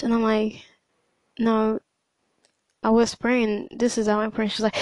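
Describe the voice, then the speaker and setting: A woman's voice: on the high side, measured pace, pauses often, a little mellow, no echo, rough recording. A young woman talking casually in a hesitant monologue, full of fillers and restarts. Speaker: podcast host.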